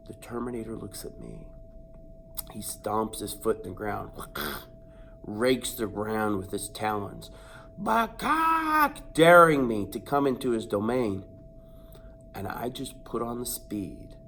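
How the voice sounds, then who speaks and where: There's a little background noise as a man with a fairly high pitch relates a comic story from his life. He animates it by mimicking sounds and voices, steadily ramping up the suspense.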